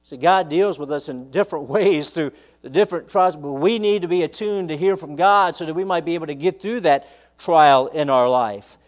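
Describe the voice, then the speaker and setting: A man preaching from the pulpit in a church, his voice sitting a little high for a man. He acts out desperate prayers with sudden rises in pitch and force, then settles low and quiet to explain the scripture. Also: normal speed, few pauses. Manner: preaching with dramatic acted-out prayers, voice rising sharply when quoting. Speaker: pastor. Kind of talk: sermon.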